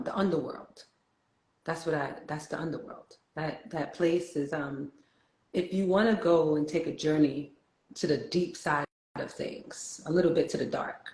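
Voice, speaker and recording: A woman with a New York accent hosting a casual spiritual chat, talkative and quick to laugh. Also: low voice, a little mellow, roomy sound, low-quality recording. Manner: chatty, laughs easily, reflective.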